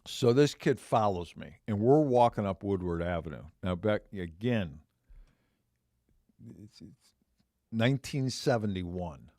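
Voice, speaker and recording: Older male podcast host around seventy, unhurried and rambling, repeats himself while spinning a personal yarn. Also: fairly low pitch, animated, mellow, no echo, clean studio sound. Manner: rambling, repeats phrases and circles back mid-story. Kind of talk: casual storytelling monologue.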